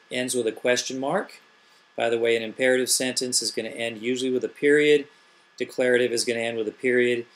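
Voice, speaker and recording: A man's voice: mid-range voice, a bit bright. A middle-aged man, an elementary school teacher, patiently explaining grammar step by step and asking rhetorical questions. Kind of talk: classroom grammar tutorial.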